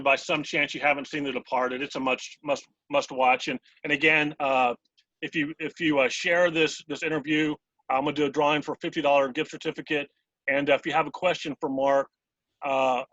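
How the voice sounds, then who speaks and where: Host with dull, lo-fi sound. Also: male voice, fairly high pitch, fairly bright tone, no room sound. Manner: rambling questions with many fillers. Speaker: interview host. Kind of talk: casual interview hosting. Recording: dull lo-fi dry audio.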